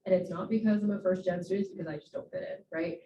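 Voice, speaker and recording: A woman's voice: lowish voice, fairly even intonation, rapid-fire, background noise. A woman in her thirties giving an earnest, encouraging informal talk to students, with frequent fillers. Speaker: guest speaker. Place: event room. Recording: dull, roomy sound from a distance.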